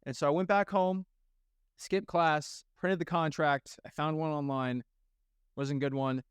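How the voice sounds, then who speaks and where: A young man, a guest, telling his story in a casual, energetic way and acting out the people he quotes. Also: a little high, a little slow, clean tone, dry recording, clean studio sound. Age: young adult.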